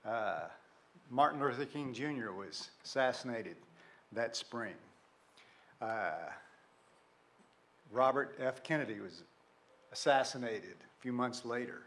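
A man's voice: medium pitch, slow, long pauses, fairly bright tone. A man, preaching a sermon and telling a story from his youth in a conversational way, full of rhetorical questions. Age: 60s. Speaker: pastor.

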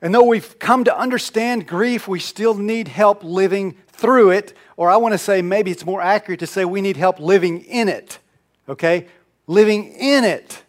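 High-voiced man preaching in hushed tones. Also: normal speed. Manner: conversational storytelling, swings from loud emphasis to hushed near-whisper. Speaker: pastor. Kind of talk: sermon.

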